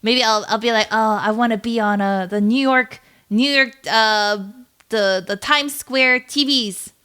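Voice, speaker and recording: A woman's voice: a little high, a little slow, pushed and bright, clean tone. A woman guest, a VTuber, chatting playfully in an interview and laughing often. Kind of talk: casual interview chat.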